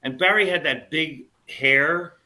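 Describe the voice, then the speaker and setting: An older man with a bright, forceful voice spins a wild story in relaxed podcast talk. He acts out the other people's lines, drops curses freely and sits a touch higher in pitch than most men. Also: measured pace, low-quality recording. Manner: animated anecdote telling, swearing, acting out quotes. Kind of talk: casual chat.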